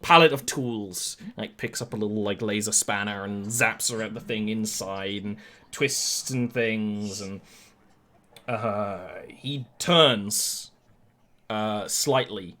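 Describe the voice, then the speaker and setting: A man's voice: fairly low pitch, slow, pushed and bright. A man narrating as game master of a tabletop game, with easygoing, rambling descriptions full of fillers.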